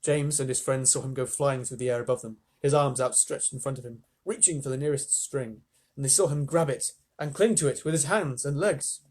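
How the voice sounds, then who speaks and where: Husky man reading a storybook. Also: medium pitch, brisk. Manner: animated, chatty asides to listeners. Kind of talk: children's storybook read aloud live.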